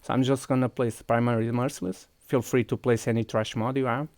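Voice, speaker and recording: Portuguese guy streaming a game, gravelly voice, dry close mic, talks through every click. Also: medium pitch, fairly even intonation, a little fast, darkish tone, no room sound. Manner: walks viewers through steps while clicking, thinking aloud. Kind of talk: casual live-stream chat.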